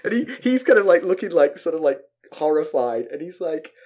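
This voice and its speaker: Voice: mid-range voice, big pitch swings, fairly quick, darkish tone. A podcast co-host chatting casually, telling an anecdote with giggles and dry quips. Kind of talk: casual chat.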